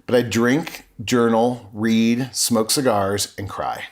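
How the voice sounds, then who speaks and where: A man's voice: medium pitch, steady tone, slow. A middle-aged man, a podcast guest, telling his personal story in an earnest, openly emotional way with frequent restarts.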